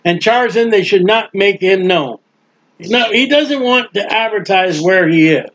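A man preaching a sermon in a folksy, emphatic way, drawling key words slowly and acting out the people he quotes. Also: high voice, animated, fairly bright tone. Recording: dull lo-fi sound.

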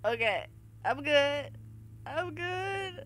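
A woman with a fairly high, very lively voice narrates a horror game playthrough, jumpy and quick to swear. She blurts out loud frightened outbursts and keeps addressing her viewers directly. A faint hiss sits under the recording. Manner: talks to viewers as y'all. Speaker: gaming video host. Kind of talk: horror game let's-play commentary.

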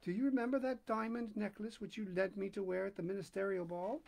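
A man's voice: sits high, steady tone, quick pace, creaky, a little mellow, exaggerated voice. A man voicing a worn-down, proud working woman in a read-aloud story, speaking in an earnest, plain way.

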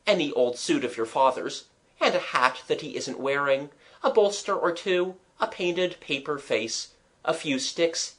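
A narrator reading a children's audiobook in an expressive storytelling manner. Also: medium pitch.

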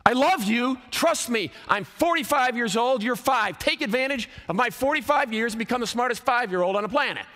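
A man's voice: very high-pitched, animated, fairly quick, hardly any pauses, pushed and bright. Emphatic preaching man in a big hall. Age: 50s. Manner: emphatic, preacherly, rising and dropping for effect. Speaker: college athletic director and speaker. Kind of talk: chapel sermon. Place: large college chapel. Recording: long hall reverb.

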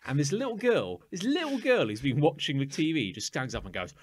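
A man co-hosting a casual podcast chat, telling animated stories and mocking stock characters. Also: fairly high pitch, brisk. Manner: animated storytelling with mocking impressions. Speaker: podcast co-host.

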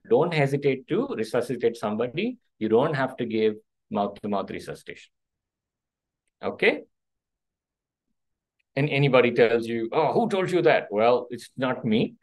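Captured on a low-quality recording, a middle-aged male doctor with a medium-pitched voice leads a health workshop on first aid. He constantly checks his listeners with "okay?" and "right?".

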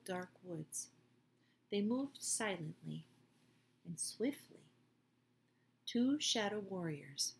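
A woman reading a children's book aloud in a gentle, expressive way. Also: mid-range voice, a little hiss or hum. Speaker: storyteller.

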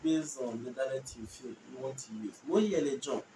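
A man giving a casual language lesson, repeating short phrases slowly so learners can follow. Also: mid-range voice, dark tone. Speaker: language teacher. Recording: echoey room, distant mic, faint noise.

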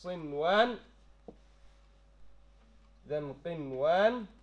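A man with a high voice teaches a tajweed class in a classroom. He quizzes the room as he goes and keeps checking that the students follow. Arabic phrases run through his English. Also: expressive, very slow, lo-fi sound. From London-based. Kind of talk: classroom lesson.

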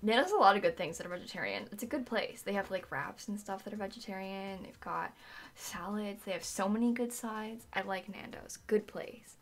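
A woman's voice: medium pitch, brisk. A young woman hosting a live stream, chatting casually with a friend in giggly, playful banter. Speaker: streamer host.

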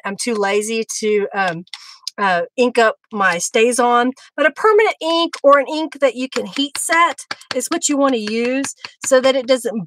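A woman's voice: a little high, fairly bright tone, a little hiss or hum, poor audio. A middle-aged woman, chatting casually and laughing often while she hosts a live craft demo. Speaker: craft livestream host.

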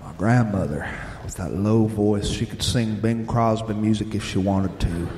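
A man, telling plainspoken, gently humorous stories live on a theater stage. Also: fairly low pitch, a little slow, noisy background. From Southern United States. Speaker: storyteller and radio host. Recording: echoey live theater with long reverb.

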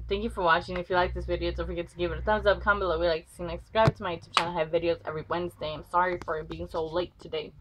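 A woman vlogger telling a school story casually, rambling with many fillers and free swearing. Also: on the low side. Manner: rambling, lots of "like", swears freely. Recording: slightly dull with faint noise.

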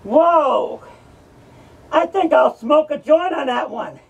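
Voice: sits high, animated, slow pace, gravelly, far from the mic, highs cut off, exaggerated voice. A performer voicing a mocking male madman from hell who hosts a horror rant, taunting and cursing at the listeners. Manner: ranting, taunting, cackling, profane.

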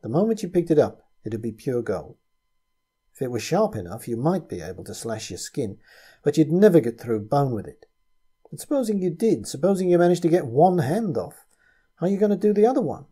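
A man reading as a blunt, pragmatic rogue who talks in a matter-of-fact way. The voice is dark and mellow with a husky grain. It sounds like a storybook reading. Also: on the high side, sing-song, brisk, voice pushed up. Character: blunt, pragmatic one-handed adult man.

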